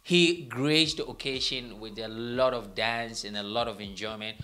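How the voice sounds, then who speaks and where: A man's voice: mid-range voice, normal speed, bright, forceful tone, a little hiss or hum. A young man hosting a casual entertainment update from a small studio, chatty and rambling, often correcting himself. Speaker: entertainment news host.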